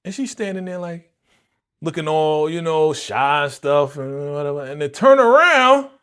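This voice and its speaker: A man hosting a live movie reaction stream, talking in a slangy, animated way and exclaiming his disapproval, often repeating himself and speaking straight to his viewers. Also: fairly high pitch, moderate pace, smooth. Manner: slangy, addresses viewers directly. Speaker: reaction channel host.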